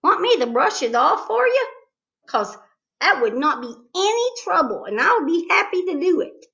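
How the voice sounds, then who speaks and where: A woman's voice: extremely high pitch, sing-song, normal speed, gravelly, fairly bright tone, pitched above the performer's own voice, exaggerated voice. A woman doing a bubbly, pushy little schoolgirl. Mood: chirpy. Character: chatty bossy little schoolgirl. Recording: slightly dull lo-fi recording.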